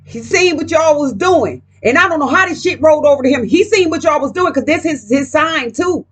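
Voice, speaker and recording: A woman's voice: high voice, animated, a little fast. A woman vlogger talking casually while reading tarot cards, profane and emphatic, rambling and speaking straight to her viewers.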